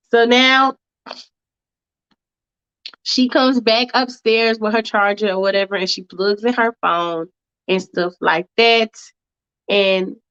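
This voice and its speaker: Chatty high-voiced woman storyteller. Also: fairly bright tone, lo-fi sound. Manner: chatty, slangy, full of asides. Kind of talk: casual fan-fiction storytelling.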